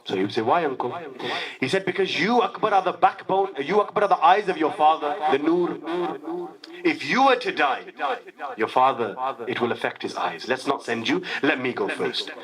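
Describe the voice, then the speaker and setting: Male preacher, high-ish voice, grieving sermon storytelling, congregation audible. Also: animated, moderate pace, crowd noise, poor audio. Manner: storytelling sermon that drops low and soft, then rises to a loud wailing climax. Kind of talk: Muharram sermon narration.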